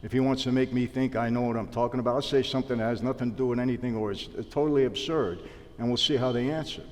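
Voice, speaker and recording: A man's voice: mid-range voice, quick pace, big-room sound. A man telling stories in a sit-down interview, acting out the dialogue. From New York. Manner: animated storyteller acting out dialogue. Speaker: interview guest, former mobster.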